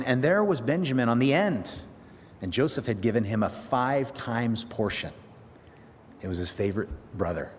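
A man preaching a sermon, retelling a Bible story with animated, halting storytelling that swells loud at the dramatic moments. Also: mid-range voice. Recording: long hall reverb.

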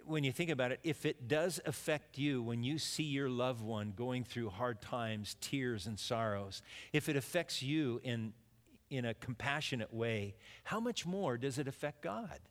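A man's voice: mid-range voice, animated, unhurried, big-room sound. A man preaching a conversational sermon, now and then acting out imagined voices. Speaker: pastor.

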